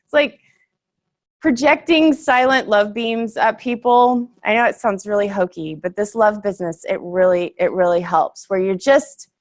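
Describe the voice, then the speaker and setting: A young woman giving a casual, earnest workshop talk to a group, chatty and full of fillers, laughing easily. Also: fairly low pitch.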